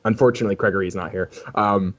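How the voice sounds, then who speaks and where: A man's voice: low voice, fairly even intonation, very fast. A man running a tabletop game as game master, rambling, swearing casually and often laughing. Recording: dull lo-fi audio.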